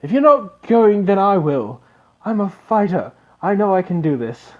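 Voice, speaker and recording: A man's voice: sing-song, a little slow, phone-quality sound. A man voicing an eager, earnest teenage boy who wants to be a warrior, in a raised voice. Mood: pleading. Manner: pleading, earnest, pitched up. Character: bold young teenage boy fighter, eager.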